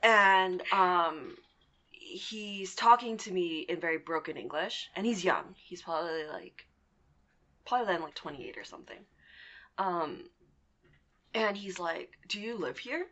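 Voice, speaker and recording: A young woman in her twenties telling a personal story on a podcast in a casual, animated way, swearing now and then. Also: fairly low pitch, unhurried, long pauses, muffled recording. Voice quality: lively, animated retelling with swearing and laughs. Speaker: podcast guest.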